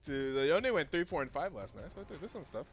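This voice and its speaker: A man's voice: a little high, fairly quick, soft background music. A man casting a live esports match and chatting with his co-caster, laughing often as he tells stories. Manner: laughs often, animated storytelling. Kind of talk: esports commentary. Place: home.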